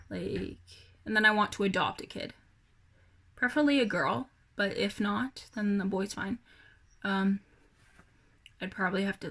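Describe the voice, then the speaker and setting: A woman's voice: medium pitch, fairly bright tone. A young woman rambling through a casual personal vlog, hesitant, with many fillers and sighs. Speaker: vlogger.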